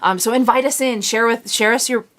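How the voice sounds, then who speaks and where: A woman with a fairly high voice co-hosts an online youth service. She gives announcements in an encouraging tone and adds supportive replies. She keeps a friendly, casual delivery. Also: brisk, fairly bright tone. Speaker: co-host, pastor's wife.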